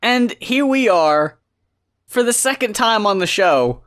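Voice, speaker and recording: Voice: medium pitch, animated, a little slow, fairly bright tone. Dry, sarcastic podcast co-host. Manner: dry, sarcastic and swears freely. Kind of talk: casual podcast chat.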